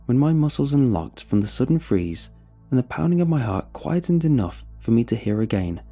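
Lively low-voiced man narrating a horror story. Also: slightly rough.

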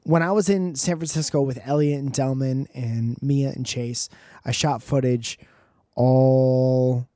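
Guy rambling jokes and swearing, mellow dark voice, dry sound. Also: medium pitch, fairly even intonation, a little slow, no echo. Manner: rambling, profane, joking asides. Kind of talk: casual comedic monologue.

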